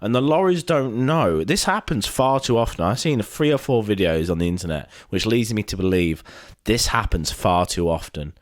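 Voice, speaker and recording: A British man with a low-pitched voice tells a story in a loose, sweary way and swings his pitch up and down a lot as he plays out the bits. The sound is dry and close, with no room around it. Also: moderate pace, no echo. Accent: British English. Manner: animated storytelling, heavy swearing, acts out quotes. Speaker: podcast co-host. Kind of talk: casual chat.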